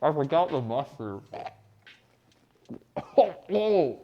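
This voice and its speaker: A man's voice: a little high, sing-song, slow, lo-fi sound. A man live-streaming as he cooks in his home kitchen, swearing freely and rambling while he answers his chat. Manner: profane, rambling, talks back to chat. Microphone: wired mic.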